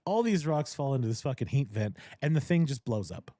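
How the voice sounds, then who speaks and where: A man's voice: medium pitch, sing-song, fairly quick, warm tone, dry recording, studio quality. A man hosting a podcast, animatedly retelling a movie plot in casual chat, swearing freely and laughing often. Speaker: podcast host. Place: cigar lounge podcast studio.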